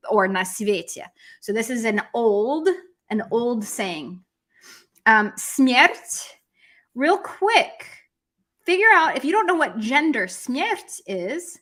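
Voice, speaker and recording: A woman teaching Russian on a live stream, explaining lyrics and grammar lively, with asides and examples, slowing down to pronounce Russian words. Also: on the high side. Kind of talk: live-stream language lesson.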